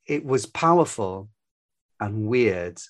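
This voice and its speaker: A man's voice: on the low side, animated, slow. An older man from Scotland with a light Glaswegian accent, a storyteller guest talking casually in an interview, reflective and drifting into anecdotes. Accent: light Glaswegian Scottish.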